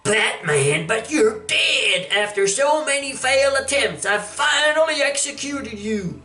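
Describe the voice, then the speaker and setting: A man's voice: very high voice, animated, measured pace, pushed and bright, soft background music, pitched above the performer's own voice, exaggerated voice. A man voicing a raving, scarred male villain who stammers and rants in a goofy hillbilly drawl. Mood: gloating. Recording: echoey room, distant mic.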